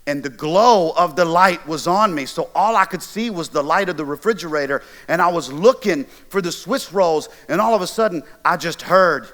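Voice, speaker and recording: A man voicing an excitable teenage boy, his high-school football buddy, who talks in a breathless, high-pitched rush. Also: moderate pace, hardly any pauses, big-room sound, lightly acted. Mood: panicked.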